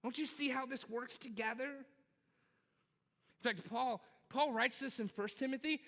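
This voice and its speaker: A man's voice: very high-pitched, unhurried, sharp tone, long reverb tail. A man preaching a sermon as pastor, emphatic and repetitive, urging his congregation directly. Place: church auditorium.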